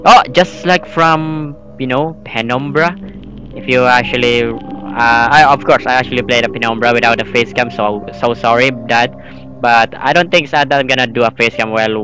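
A man giving rambling horror gameplay commentary as a channel host, excitable and breaking into yelps and screams. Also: mid-range voice, low-quality recording.

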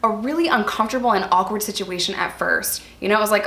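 A woman's voice: medium pitch, fast, fairly bright tone. Earnest woman vlogger, roomy echo. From New York. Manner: earnest, chatty, addresses viewers as "you guys". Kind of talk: candid personal storytelling to viewers.

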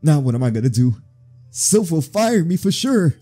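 A man's voice: lowish voice, normal speed, warm tone, faint music behind. A man voicing a panicking male scientist in a game playthrough. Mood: flustered.

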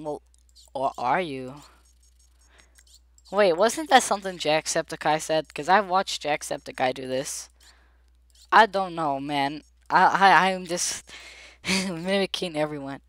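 The sound is clean studio audio with no room sound, carrying a woman's deep voice at a slightly slow pace. She's a gameplay video creator giving casual, chatty, jittery commentary, pleading with the characters and talking straight to her viewers.

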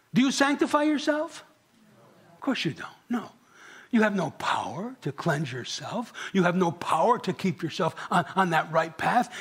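Husky, high-voiced preacher man. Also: fairly bright tone. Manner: conversational, asks the congregation questions. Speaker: pastor. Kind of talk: sermon. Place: church.

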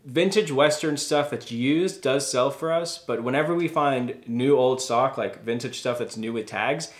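Casting: upbeat South African-born man, mid-pitch, casual vlog chat in an echoey room. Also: a little hiss or hum. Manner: upbeat, chatty, quick to laugh. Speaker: reseller vlogger, co-host.

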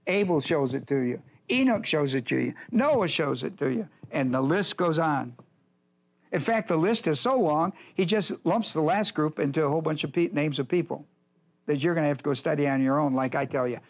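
Male pastor, higher-pitched voice, emphatic Bible-class teacher who repeats his points. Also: expressive, moderate pace.

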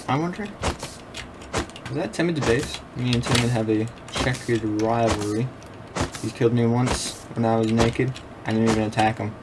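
A young man giving casual commentary over his own gameplay, excitable, laughing often and swearing freely. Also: mid-range voice, normal speed, long pauses, very noisy. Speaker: gameplay video creator.

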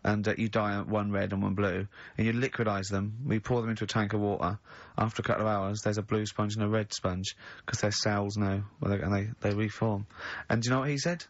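A man's voice: on the low side, steady tone, brisk, few pauses, no room sound, dull audio. A man hosting a radio show in casual chat, rambling through anecdotes and laughing often.

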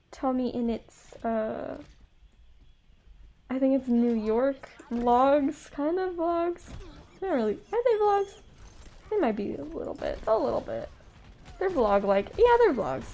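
A woman's voice: high voice, a little mellow, a little hiss or hum. A woman streaming a game live, chatting bubbly to her chat and laughing often. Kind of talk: live gameplay commentary.

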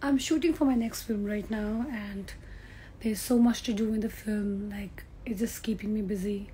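Hoarse young woman chatting with fans. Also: medium pitch, fairly even intonation, moderate pace, warm tone, slight background noise, rough recording. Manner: chatty, laughing, drops to a near-whisper, switches languages mid-sentence. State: hoarse, losing her voice. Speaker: film actress. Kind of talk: casual livestream chat with fans. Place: on a film set during a break.

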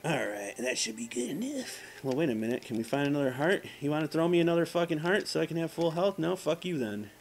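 Male let's-play host: animated, swings up and down in pitch, swears constantly, trash-talks enemies, mocks himself. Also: fast talker, vocal fry, few pauses. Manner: profane, trash-talking the game's enemies; self-mocking banter. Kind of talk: casual gameplay commentary.

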